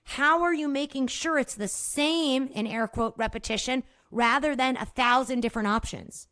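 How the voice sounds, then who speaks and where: A middle-aged woman hosts her own podcast and explains movement therapy in an energetic, casual monologue. She swears freely and laughs at her own slips. Her voice sits a little high and sounds close and dry. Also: normal speed, smooth, no echo.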